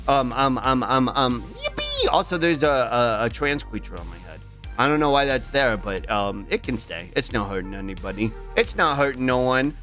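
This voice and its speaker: A young man chatting casually with his stream viewers, rambling with strings of filler ums and jumping to a squeaky high voice when thanking subscribers. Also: a bit bright. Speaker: live streamer.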